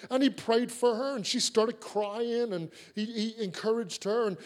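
A male preacher with a high voice delivers a sermon in an animated, earnest storytelling manner. He leans on repeated phrases to drive each point home. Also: unhurried, hardly any pauses.

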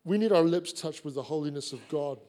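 A male preacher with a high voice delivers a sermon in an animated, earnest storytelling manner. He leans on repeated phrases to drive each point home. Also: brisk.

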